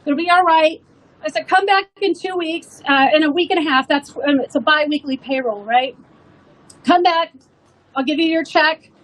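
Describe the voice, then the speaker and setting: High-voiced woman giving an impassioned speech. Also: moderate pace, a bit bright, poor audio. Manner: emotional, earnest storytelling. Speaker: restaurant owner speaking at a rally.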